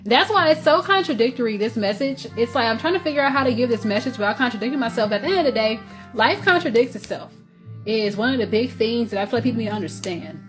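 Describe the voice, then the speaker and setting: Southern woman, slightly high voice, casual tarot reader, rambling with fillers, music under the voice. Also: animated, fast. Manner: loose, conversational, many fillers and restarts.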